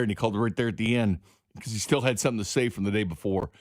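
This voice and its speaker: A man's voice: medium pitch, racing, no echo, studio quality. A man appearing as a guest on a sports radio show, telling stories in a laid-back, casual way. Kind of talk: casual banter. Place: radio studio.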